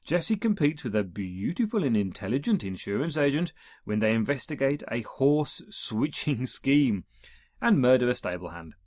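A man's voice: medium pitch, sing-song, moderate pace, a little mellow, dry recording, clean studio sound. A man reading through an episode guide in a casual way, adding wry asides and small chuckles. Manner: reads listings, adds wry chuckling asides.

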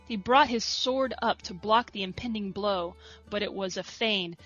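A woman reading a story aloud in a soft, steady narration. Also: medium pitch, moderate pace, highs cut off, faint music behind. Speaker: reader.

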